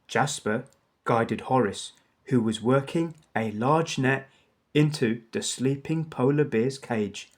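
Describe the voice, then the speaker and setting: Slow, measured male storybook narrator. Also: mid-range voice. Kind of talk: children's storybook read-aloud.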